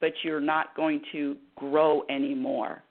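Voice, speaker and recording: A woman voicing the universe as a calm, firm speaker, slow and measured, over a tinny phone-like line. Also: low voice, gravelly, voice pushed down, full character voice.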